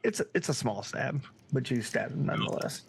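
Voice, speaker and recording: A man running a tabletop horror game online as game master, laid-back and quick to laugh. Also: medium pitch, expressive, vocal fry, slight background noise. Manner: laid-back, laughs often, says dude.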